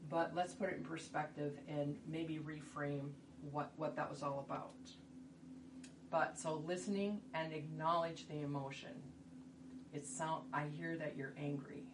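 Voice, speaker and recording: Workshop presenter, woman with a slightly low voice, chatty and asks "right?" a lot, mic far away. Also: steady tone, unhurried. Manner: conversational, rhetorical questions. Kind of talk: instructional talk. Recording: distant mic, noisy room.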